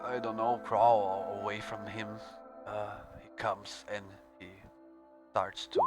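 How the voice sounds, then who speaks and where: A man running a tabletop game as game master, narrating in a halting way with many fillers, with music playing behind. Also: on the low side, flat delivery. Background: background music.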